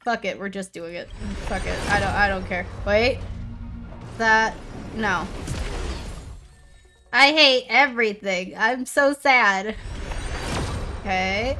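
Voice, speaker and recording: A woman's voice: mid-range voice, takes it slowly, pauses often, pushed and bright, faint music behind. A young woman streamer giving casual gameplay commentary, swearing and playing up mock-dramatic self-pity.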